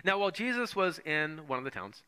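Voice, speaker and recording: A man preaching with a bright, fairly high voice. He talks in a conversational way and slips into the voices of the people in the story as he retells it. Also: big pitch swings, a little fast, smooth. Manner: conversational, acts out voices of the Bible figures. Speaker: pastor. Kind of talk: sermon.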